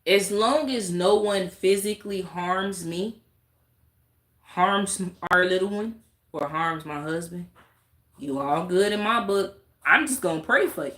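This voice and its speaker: A woman with a lowish, fairly bright voice speaks unhurriedly in an echoey room during a candid YouTube vlog rant. She stresses and repeats her points and gestures with her hands as she goes.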